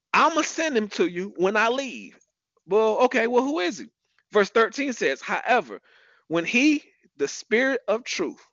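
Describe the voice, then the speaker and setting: A man preaching a lively sermon as pastor, reading scripture and calling out people in the room by name. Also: high-pitched, no room sound, muffled recording.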